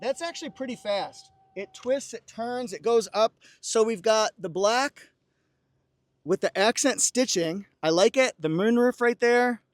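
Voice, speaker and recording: Speaking a little slowly in a high-sitting voice, a man tours a car on a dealership lot and inside the cabin for an upbeat review. Along the way he notes features, adds playful asides, and jokingly quotes songs, captured in a dry recording.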